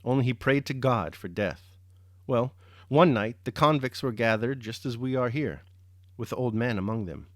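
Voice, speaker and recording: A man reads a classic novel aloud in a measured, steady manner, then turns to his own reflections as host. His voice sits at an ordinary mid pitch. The sound is dry and close, with no room echo. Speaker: reader and host. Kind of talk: audiobook-style novel reading.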